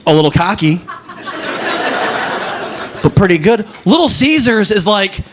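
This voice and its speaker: A man performing a stand-up comedy set, telling stories with animated, rising punchlines. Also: measured pace. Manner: animated storytelling, jumps to high pitch for punchlines.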